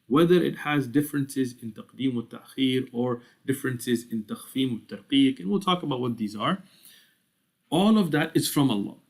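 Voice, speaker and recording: An American man giving an explanatory religious lecture, acting out little dialogues with a laugh. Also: medium pitch. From United States. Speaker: Islamic lecturer.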